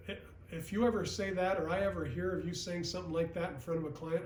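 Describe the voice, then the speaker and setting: A man with a fairly high voice coaches a sales team. He talks plainly, comes back to the same points and keeps checking in with "okay?". The sound is roomy and echoing, picked up from some distance, with a faint hum of background noise. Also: fairly even intonation, fast, a little mellow. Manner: plain-spoken, repeats points, often asks "okay?". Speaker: sales trainer and regional vice president. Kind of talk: recorded sales training talk. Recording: echoey room, mic at a distance.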